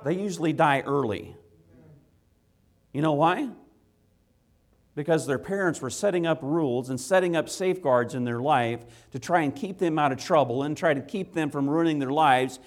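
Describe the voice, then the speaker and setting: A man, a father, preaching a sermon to children, swinging from loud impassioned rises to quiet earnest asides. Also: a little high, normal speed. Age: adult with children. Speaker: pastor.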